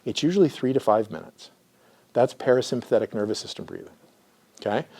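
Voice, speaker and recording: A man who works as a therapist, giving an educational lecture and demonstrating slow breathing, often checking in with "right?". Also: medium pitch, very animated, gravelly, a little mellow. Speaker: therapist teaching a class.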